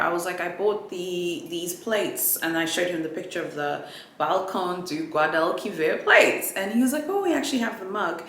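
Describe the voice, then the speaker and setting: A woman vlogger chatting casually through an unboxing, animated and full of fillers. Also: fairly low pitch. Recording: echoey room with faint ambient noise.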